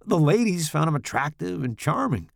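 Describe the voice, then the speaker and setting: A man narrates horror fiction with dramatic, expressive delivery and a gravelly edge to his voice. His pitch moves in a lively way, and the recording is close and dry. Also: moderate pace, dry recording. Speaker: author and podcast host.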